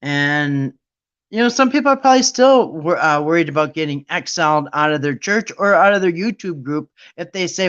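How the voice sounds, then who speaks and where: A man's voice: a little high, lively intonation, normal speed, fairly bright tone, clean tone, highs cut off. A man hosting a Bible study talk, ranting with sarcasm in a rambling, casual monologue.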